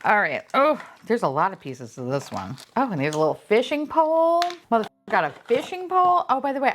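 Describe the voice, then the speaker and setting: A young woman with a lowish voice that leaps all over the place, chatting casually through an unboxing. She swears freely and squeals and gasps at each find, her talk running from low mutters to sudden high shrieks. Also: gravelly, a little hiss or hum. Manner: excitable and profane, gasping and squealing at finds. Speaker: unboxing vlogger.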